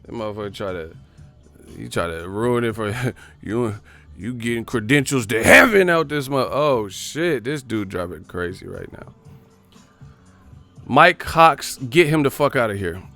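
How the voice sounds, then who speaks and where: A boxing channel host with a mid-range, slightly bright voice rants casually while driving his car during a livestream. He's profane, rambling, and mocking.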